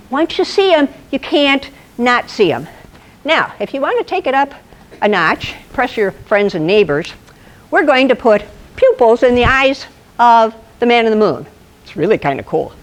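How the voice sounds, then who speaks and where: Playful female presenter at a live talk, higher pitch and very animated delivery. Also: moderate pace, long pauses. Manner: playful, animated, asks the audience questions. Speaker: presenter at an astronomy club talk. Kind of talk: lively storytelling lecture.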